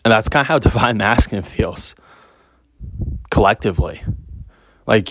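A man's voice: on the low side, moderate pace, long pauses, a bit bright. A man speaking as a spiritual reader in a casual monologue, blunt and emphatic, cursing freely.

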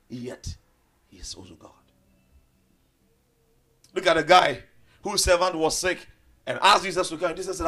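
A man preaching a sermon with passion, swinging between loud declarations and hushed low asides. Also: moderate pace, gravelly, long pauses, a little hiss or hum.

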